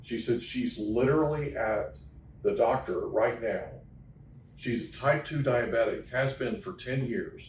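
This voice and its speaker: A man's voice: medium pitch, unhurried, slight background noise. A man hosting an interview, telling a story with emphasis and often checking in with "okay?". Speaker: podcast host. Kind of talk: casual interview chat. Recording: echoey room, mic at a distance.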